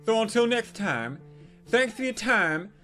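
Brash, high-voiced profane male storyteller. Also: sing-song, measured pace, bright, forceful tone, faint music behind. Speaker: comedic storyteller. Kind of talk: crude comedic storytelling monologue.

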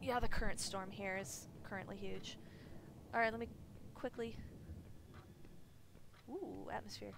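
Playing a horror game on stream, this woman rambles casually, full of fillers, restarts and strong opinions. Her mid-range voice is creaky and measured, and she pauses often.

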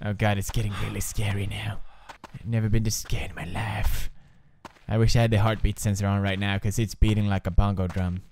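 A young man hosting a joking let's-play commentary, excitable and prone to yelps and laughter. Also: lowish voice, a little fast, vocal fry, slight background noise. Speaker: gaming video host.

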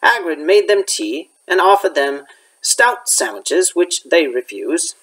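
A man's voice: a little high, big pitch swings, slow, fairly bright tone, rough recording. A male elementary school teacher reading a chapter book aloud, with occasional slips he corrects.

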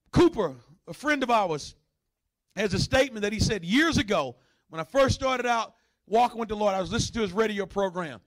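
A man preaching a sermon, with a notably high voice for a man. He moves from chatty asides to loud, soaring bursts, and now and then growls to mimic a dog. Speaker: pastor.

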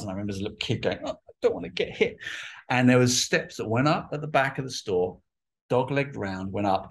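Animated man telling stories. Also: on the low side, breathy edge. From England. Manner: animated storyteller, acts out childhood voices. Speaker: guest artist. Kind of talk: casual interview chat.

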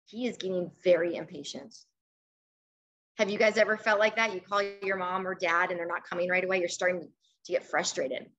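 A woman teacher reads a picture book aloud to children on a video call, expressive and coaxing, stopping now and then to ask questions. Her pitch is fairly low, and the highs are cut off.

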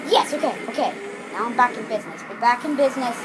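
A woman commenting on her own gameplay, excitable and frustrated, pleading with the game. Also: on the high side, fast talker, very noisy. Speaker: game player.

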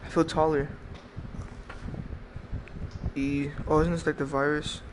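A man's voice: a little high, level tone, takes it slowly, background noise. A man giving joking, squeamish commentary while playing a game, swearing now and then. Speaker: gamer. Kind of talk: gameplay commentary.

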